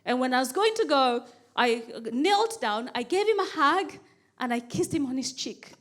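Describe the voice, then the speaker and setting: A woman comedian doing stand-up, telling a story with animated delivery and comic repetition. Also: sits high, normal speed. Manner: animated storyteller, repeats phrases for comic rhythm.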